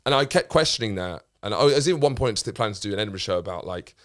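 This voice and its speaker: A man's voice: lowish voice, expressive, fast talker, dry recording, clean studio sound. A man, a comedian guest telling a rambling story in casual chat, with many restarts and casual swearing.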